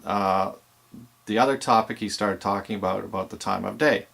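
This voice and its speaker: A man's voice: lowish voice, fairly even intonation, normal speed, creaky. A man teaching aspiring DJs in a plain, explanatory way with some fillers. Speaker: DJ instructor. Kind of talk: instructional video talk.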